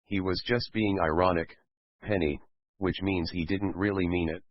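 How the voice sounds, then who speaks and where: A man playing a calm scientist who patiently explains things to a colleague. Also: sits low, normal speed, dry recording, lightly acted. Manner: gentle, explaining. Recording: dull lo-fi recording.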